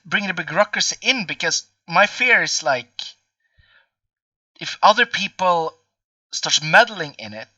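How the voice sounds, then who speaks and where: Young man in his twenties, bright, rambling, swearing, dry muffled far-off mic. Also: high voice, animated, measured pace, pauses often, dry recording. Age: 20s. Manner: rambling, profane, many fillers. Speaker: podcast host. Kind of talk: casual chat.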